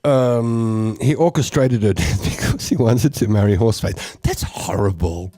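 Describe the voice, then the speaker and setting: A man's voice: on the low side, unhurried, slight background noise. A South African man hosting a comedy talk radio show, joking through listener messages and slipping into Afrikaans. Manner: animated, jokey, breaks into voices and laughter; mixes English with Afrikaans.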